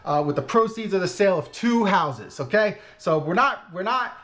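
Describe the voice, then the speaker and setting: Middle-aged man, Brooklyn Italian-American accent, frank channel host, high bouncy voice. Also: animated, moderate pace, a bit bright. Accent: Brooklyn Italian-American New York. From Brooklyn, New York. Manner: blunt, self-mocking, swears casually. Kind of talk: casual live-stream chat.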